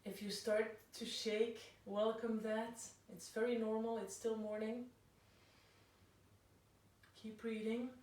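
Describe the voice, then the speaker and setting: Slow, calm woman guiding yoga, echoey. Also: fairly high pitch. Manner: slow, calm cueing of breath and poses. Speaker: yoga instructor. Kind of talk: guided yoga class instruction. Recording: very echoey room, voice from far off.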